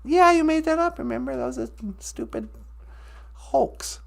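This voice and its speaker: A man's voice: very high-pitched, unhurried, gravelly, heavily acted. A man voicing a blunt, sassy female call-in show host who mocks her caller with dry put-downs. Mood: mocking. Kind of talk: comedy call-in sketch.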